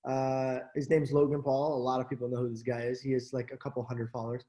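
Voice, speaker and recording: A young man, an actor and social media creator, is a guest in a casual interview, telling stories animatedly with lots of fillers and acted-out quotes. His mid-range voice is warm, fast, and fairly flat in pitch, and the room sounds echoey.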